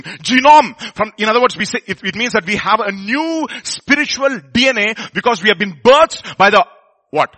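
A man preaching a sermon, emphatic, asking the congregation questions and leaving pauses for them to answer. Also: sits high, sharp tone, slightly rough.

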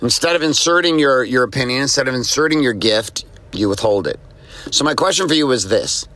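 A man's voice: mid-range voice, fairly quick, sharp tone. A man hosting a daily motivational podcast, speaking emphatically and repeating key phrases for effect. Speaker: podcast host. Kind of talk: motivational monologue.

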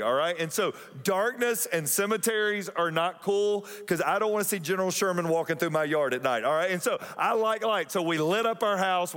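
A man's voice: high voice, fairly bright tone, long reverb tail. A male pastor giving a sermon in a church, conversational and joking, often putting questions to the congregation. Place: church auditorium.

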